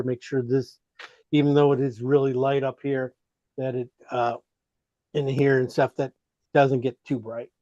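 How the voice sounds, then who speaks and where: A man's voice: on the high side, darkish tone, dry recording, highs cut off. A man teaching an online painting class, giving rambling, encouraging feedback full of fillers.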